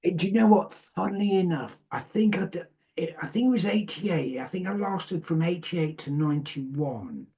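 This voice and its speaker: A man's voice: high-pitched, expressive, moderate pace, few pauses, dark tone, breathy edge. A middle-aged man, a former radio DJ, telling rambling, sweary anecdotes in a casual interview. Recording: muffled lo-fi sound.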